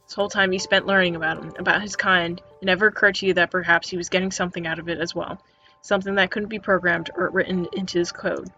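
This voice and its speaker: A woman's voice: fairly low pitch, steady tone, fast, sharp tone. A woman reading an interactive story game aloud in second person, stumbling and restarting words often. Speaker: narrator. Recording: dull lo-fi recording with faint music.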